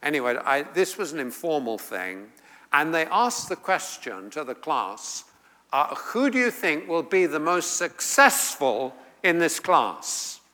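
Middle-aged man, sermon teaching, slow deliberate delivery, bright voice, long hall reverb. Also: a little high, very animated. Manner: halting, many fillers and restarts, emphatic quotes. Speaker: preacher teaching on the Beatitudes.

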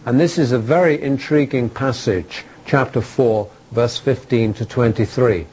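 A man with a medium-pitched, slightly mellow, husky voice preaches emphatically, pausing between phrases and repeating key words. He asks his listeners rhetorical questions, and the recording quality is low.

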